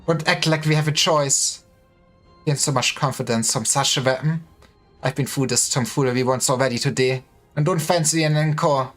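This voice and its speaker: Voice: medium pitch, steady tone, normal speed, soft background music. A streamer reading a game story aloud dramatically, voicing each character in turn.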